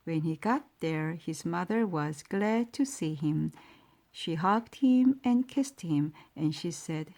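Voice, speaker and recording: Brief: female storyteller, bedtime read-aloud, slow with a lively melody. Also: lowish voice.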